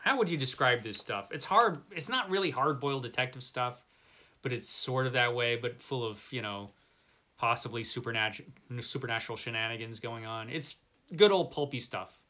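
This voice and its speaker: Bright-voiced chatty man. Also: medium pitch, moderate pace. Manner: rambling, chatty, self-deprecating. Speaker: book channel host. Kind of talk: casual book tour vlog.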